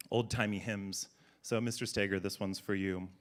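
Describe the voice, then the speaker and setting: A man's voice: lowish voice, fairly even intonation, unhurried, a bit bright. A man emceeing a school poetry slam, playful, with joking asides between poets. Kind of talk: emceeing a live event. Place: school event hall.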